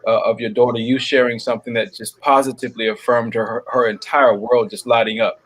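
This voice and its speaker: A man's voice: medium pitch, level tone, fairly quick, husky. A man hosting a web panel show on a video call, affirming his guests and often tagging his sentences with "man.". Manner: warm, affirming, peppers speech with "man". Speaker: show host. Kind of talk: web series panel talk.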